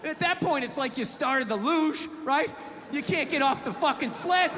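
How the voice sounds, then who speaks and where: A man's voice: very high-pitched, moderate pace. A male stand-up comedian ranting profanely and with exasperation through a live routine. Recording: live hall with crowd noise.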